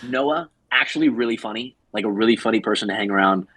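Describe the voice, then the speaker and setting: A man's voice: fairly low pitch, fast talker, a bit bright, a little hiss or hum, low-quality recording. A man on a podcast telling a long story in a casual, rambling way, full of fillers, and acting out the people he quotes. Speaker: podcast co-host.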